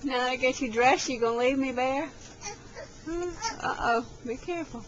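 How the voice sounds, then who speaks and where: A woman at home talking playfully to a toddler in animated, sing-song baby talk, recorded on a handheld camcorder. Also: high voice, normal speed, lo-fi sound. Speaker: caregiver filming a toddler. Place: at home, indoors. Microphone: handheld camcorder mic. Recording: home video with clear background noise.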